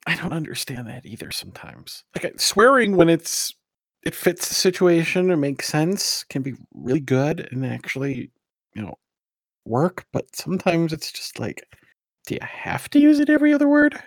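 A podcast co-host in casual chat, lively and chiming in with agreement. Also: mid-range voice, moderate pace, dry recording, clean studio sound.

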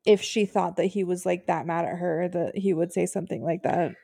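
A woman's voice: lowish voice, fairly even intonation, brisk, creaky, mellow, slightly rough, dry recording, studio quality. A woman co-hosting a podcast, agreeing and thinking aloud in casual chat. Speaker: podcast co-host.

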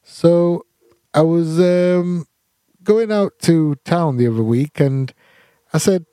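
Man, joking co-host, mellow voice, slightly higher, dry sound. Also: measured pace, dry recording. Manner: joking, goofy, tries accents. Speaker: podcast co-host. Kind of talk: casual chat.

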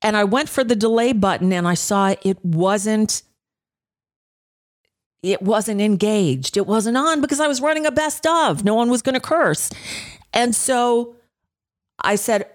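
A middle-aged woman radio talk show host telling stories in a casual, animated way, with plenty of ums and uhs. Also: medium pitch, a little slow. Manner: conversational, animated anecdotes with frequent fillers. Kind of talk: casual storytelling monologue.

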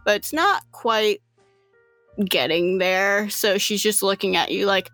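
A woman's voice: medium pitch, steady tone, slow pace, fairly bright tone, no echo, soft background music. A woman narrating a tabletop game as game master, casual, with many fillers.

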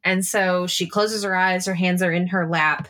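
A woman's voice: on the low side, steady tone, normal speed, fairly bright tone. A woman playing a tabletop role-play game, describing her character's actions in a rambling, casual way with swearing. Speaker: player.

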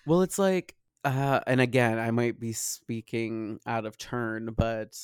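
This is a man co-hosting a podcast, chatting in a rambling, gossipy way and circling through fillers as he talks. His voice sits at an ordinary middle pitch. It is recorded dry and close, with no room sound. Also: steady tone, takes it slowly, smooth, no room sound. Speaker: podcast co-host. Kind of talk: casual chat.

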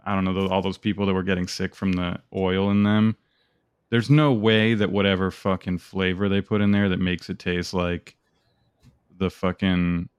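A young man with a very low voice rambles through casual podcast banter, swearing and piling on fillers. His voice sounds dry and close, with no room around it. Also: level tone, normal speed, clear, resonant tone, no echo. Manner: rambling, profane storytelling with lots of fillers. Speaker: podcast co-host. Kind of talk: casual chat.

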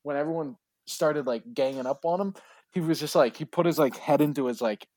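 A man's voice: on the high side, fairly quick, darkish tone, dry recording. A man casually retelling a bar story with a friend, slangy and profane, acting out the people he quotes.

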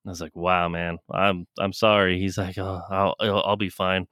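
Male podcast co-host, lower voice, loose rambling anecdotes, dry mic. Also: flat delivery, normal speed, fairly bright tone, clean tone, no echo. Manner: rambling, laughs often, swears. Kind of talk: casual storytelling chat.

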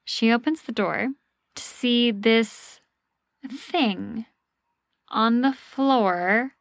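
A woman with a fairly high voice tells a creepy tale in casual podcast chat. She is lively and a little crude, acting out the reactions as she goes. The sound is dry and close. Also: very slow, creaky, no room sound. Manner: animated, swears casually, acts out reactions. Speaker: podcast host telling a ghost story.

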